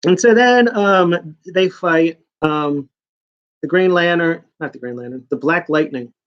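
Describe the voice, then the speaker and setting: A man's voice: on the high side, fairly bright tone, highs cut off. A man giving a casual, sarcastic comic book review, rambling with mocking asides.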